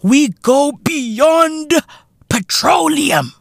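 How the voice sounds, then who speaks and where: A smug, greedy male oil-company spokesman, as a man puts him on, sarcastic and mock-sincere. The pitch sits high and swings widely, and the sound is bright with a dry, close feel. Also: expressive, very slow, gravelly, no room sound, exaggerated voice.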